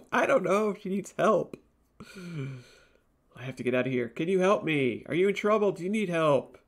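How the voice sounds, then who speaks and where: A man hosting a live game stream, chatting with viewers and reacting aloud to the game, laughing easily. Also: a little high. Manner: chats with viewers about snacks and drinks. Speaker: let's play host. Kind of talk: live-streamed gameplay commentary.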